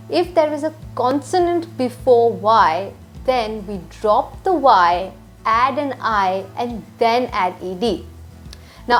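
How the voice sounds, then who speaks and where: A woman teaching an English grammar lesson, slowly spelling out letters and examples with careful, clear explanation. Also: on the high side. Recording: soft music behind the voice.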